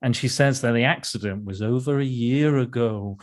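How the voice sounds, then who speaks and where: A man talks through old films in a loose, rambling way, restarting sentences and chuckling as he goes. His voice sits at an ordinary middle pitch, and he sounds like a relaxed podcast co-host. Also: moderate pace. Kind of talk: casual film discussion.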